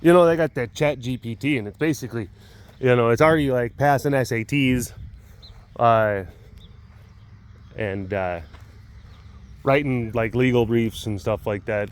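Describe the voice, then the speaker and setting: A man hosting a casual walk-and-talk vlog at an outdoor animal compound, rambling and laid-back, cooing at the big cats. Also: mid-range voice. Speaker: vlog host at a big cat rescue.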